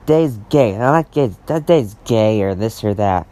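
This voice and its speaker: A man's voice: medium pitch, lively intonation, moderate pace, hardly any pauses, warm tone. A man talking unscripted to camera, rambling and frustrated, repeating himself and restarting sentences, swearing as he gets worked up. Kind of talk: unscripted personal rant.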